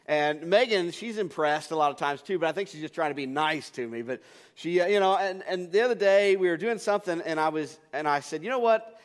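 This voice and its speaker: A man preaching a sermon as pastor, telling stories in a relaxed, casual way and often restarting his sentences. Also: a little high, a little fast, in a large hall. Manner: casual storytelling with frequent restarts.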